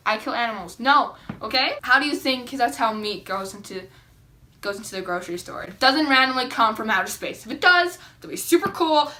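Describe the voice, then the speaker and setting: A young woman talks straight to her camera from home, telling a story in a chatty, excitable rush. She fills her sentences with "like" and acts out her own reactions. Her voice is bright and a touch high. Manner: chatty, excitable, lots of "like" and dramatic quoted reactions. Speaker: vlogger. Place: indoors at home, seated.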